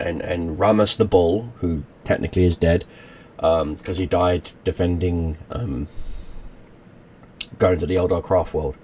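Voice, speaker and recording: A man's voice: low voice, darkish tone, slight background noise. A man hosting his channel, casually retelling a story he wrote, rambling with many restarts and fillers. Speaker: channel host. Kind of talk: casual story recap to camera.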